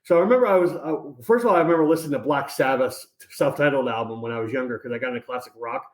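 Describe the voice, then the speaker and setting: A man chatting as a podcast guest, telling stories in an energetic, upbeat way with lots of fillers. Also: mid-range voice, rapid-fire. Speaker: podcast guest, college advisor. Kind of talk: casual interview chat. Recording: roomy echoey sound.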